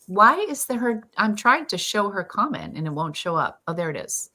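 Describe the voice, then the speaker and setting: A woman's voice: medium pitch, sing-song, moderate pace, bright, forceful tone. A woman with a Boston accent co-hosting a live pen show stream, chatting casually and reading out viewer comments. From Boston area. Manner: enthusiastic, reads viewer comments aloud.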